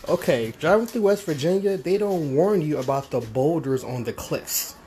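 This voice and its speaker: A man's voice: fairly high pitch, animated, moderate pace, noisy background. A slightly congested man co-hosting a cooking livestream, reading and greeting viewer comments in a friendly, playful way. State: a bit congested. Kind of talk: casual livestream chat.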